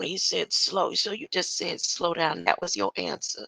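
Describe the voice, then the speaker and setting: A woman's voice: lowish voice, big pitch swings, moderate pace, vocal fry, hardly any pauses, bright, forceful tone, breathy edge, dry recording. An older woman in a casual livestream rant, confrontational and tossing in rhetorical questions as she goes. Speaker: online commentator.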